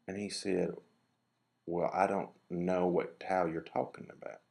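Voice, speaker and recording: A man's voice: low voice, gravelly. A man telling a meandering, digressive story to camera, restarting his sentences and grumbling about rude people. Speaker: vlogger. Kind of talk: casual rambling monologue to camera.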